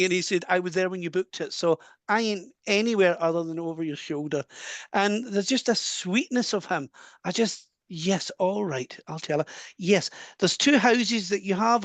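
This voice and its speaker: A man's voice: high-pitched, no room sound. Scottish male medium, video call, dry close sound, earnest delivery. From Scotland. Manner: warm, earnest, relays messages with quick asides and laughs. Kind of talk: live mediumship reading.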